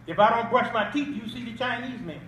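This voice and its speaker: An older man with a very high, lively voice speaks fairly quickly as a guest at an awards banquet, giving an emphatic Islamic talk and firing off rhetorical questions for the audience to answer. The audio comes from a distant mic in an echoey hall, with crowd noise.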